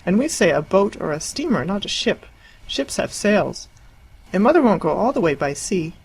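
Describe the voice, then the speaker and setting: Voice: medium pitch, sing-song, moderate pace, creaky, breathy edge, full character voice, poor audio. A narrator voicing a stern older woman, prim and disapproving.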